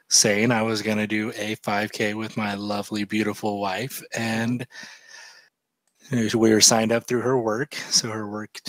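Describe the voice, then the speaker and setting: A man co-hosting a podcast in casual chat, slightly hoarse from a recent illness, joking at his own expense. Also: on the low side, dry recording. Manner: self-deprecating, joking. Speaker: podcast co-host.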